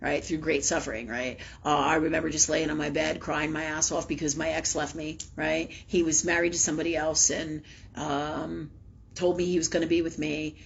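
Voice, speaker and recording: A woman's voice: low voice, flat delivery, moderate pace, gravelly, slight background noise. A woman hosting a spiritual live talk show, chatting candidly, swearing freely, laughing often and ending lines with "right?". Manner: laughs often, acts out her own past words. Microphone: livestream mic. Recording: dull lo-fi livestream audio.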